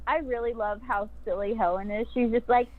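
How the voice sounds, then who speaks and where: A voice actress joins a video call podcast for a casual chat, bubbly and giggling as she acts out her character's lines. Her slightly high voice is brisk and steady in tone, coming through tinny, phone-like remote audio with a little background noise.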